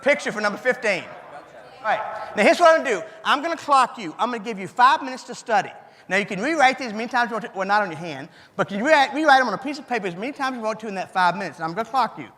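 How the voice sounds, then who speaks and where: A man's voice: high-pitched, expressive, very fast, bright, forceful tone. A man with a Cajun accent giving an interactive keynote speech in a folksy, chatty way, repeating the audience's answers back to them. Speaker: keynote speaker. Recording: hall reverb.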